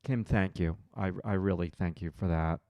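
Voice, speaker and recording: A man's voice: low voice, moderate pace, no echo, dull audio. A man hosting a live drawing stream, thinking aloud as he draws and chatting with viewers in his chat.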